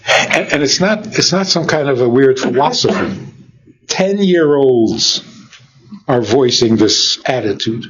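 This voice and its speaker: A man's voice: medium pitch, unhurried, fairly bright tone, highs cut off. A man who is a rabbi, giving an informal teaching talk full of rhetorical questions, often chuckling. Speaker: rabbi and lecturer.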